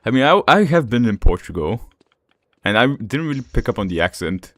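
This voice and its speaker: A man's voice: medium pitch, sing-song, brisk, a bit bright, no room sound. A man with an Eastern European accent chatting casually while playing a game, rambling along with fillers and chuckles. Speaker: gaming streamer. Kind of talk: casual gameplay commentary.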